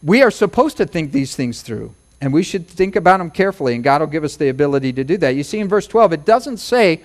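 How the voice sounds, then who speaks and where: High-voiced preacher man, folksy. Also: lively intonation, a little fast, few pauses. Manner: folksy, humorous preaching with rhymes and acted-out quotes. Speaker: pastor. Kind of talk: sermon.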